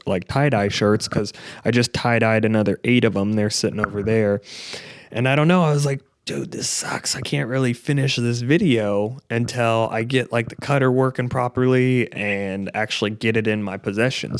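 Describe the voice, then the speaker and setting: A man's voice: fairly low pitch, clear, resonant tone, no echo. A young man hosting a podcast from his home garage office, rambling casually and swearing often, tossing in "bro" and "dude". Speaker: podcast host. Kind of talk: casual chat. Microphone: directional podcast mic.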